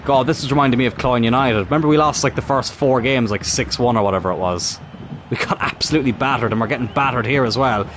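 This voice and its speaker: Playing football career mode, a male gaming YouTuber gives live commentary, frustrated and profane and talking straight to his on-screen players. His voice is mid-range and quick, with faint background noise.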